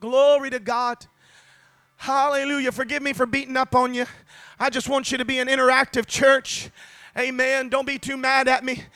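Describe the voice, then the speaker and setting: A man preaching a sermon to a congregation, fervent and building to shouted climaxes, calling out to the listeners. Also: extremely high pitch, little pitch movement, moderate pace, clear, resonant tone, no echo, studio quality. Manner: calls out to the congregation.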